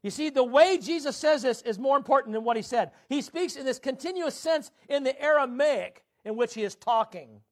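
A man with a very high voice preaches a sermon. He leans hard on his words and slows right down to draw out the scripture he quotes. His pitch rises and falls sharply as he makes his points. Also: animated. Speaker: pastor.

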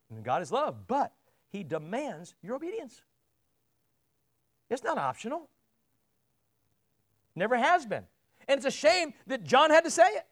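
Man, very high voice, preacher, conversational sermon, asks the congregation questions, repeats words when pressing a point. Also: wildly swooping pitch, unhurried, long pauses.

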